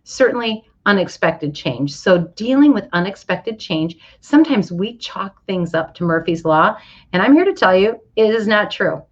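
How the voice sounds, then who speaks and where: A woman's voice: medium pitch, lively intonation, normal speed, lo-fi sound. Upbeat woman hosting a livestream. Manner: enthusiastic, greets viewers by name. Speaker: livestream host. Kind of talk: upbeat motivational livestream talk. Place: hotel or travel location, indoors.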